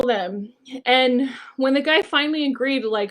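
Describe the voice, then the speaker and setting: A woman's voice: sits high, normal speed. A young adult woman coach teaching a workshop lesson in a casual, chatty storytelling way, full of "like" and "um". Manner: chatty, frequent "like" and "um". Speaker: personality coach leading a workshop.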